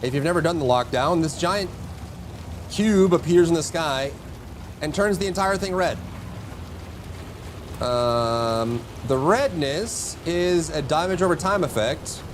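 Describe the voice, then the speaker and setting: A man's voice: a little slow, pauses often, a little hiss or hum. A man streaming live, talking his chat through a game and yelping at enemies. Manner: excitable, jumps to high yelps and mock insults at enemies. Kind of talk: live gameplay commentary.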